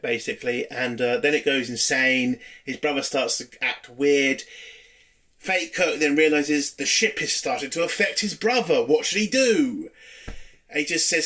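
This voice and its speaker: A man's voice: medium pitch, measured pace, sharp tone. Sarcastic man reviewing TV. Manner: sarcastic, swearing, rambling recap. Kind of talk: casual spoken review.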